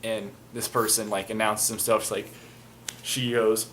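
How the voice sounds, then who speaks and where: A man's voice: lowish voice, level tone, unhurried, fairly bright tone, slight background noise. A young man casually recounting a tabletop game, rambling with lots of fillers and crude slang. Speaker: storyteller, fan video maker.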